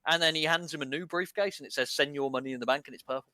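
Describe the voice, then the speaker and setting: A man talking through a casual recap on a podcast, stacking one event onto the next and filling gaps with ums. His voice is smooth and clean. The sound is close and dry, with no room around it. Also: mid-range voice, very fast, pushed and bright, dry recording. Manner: rambling, filler-heavy play-by-play retelling. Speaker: podcast co-host.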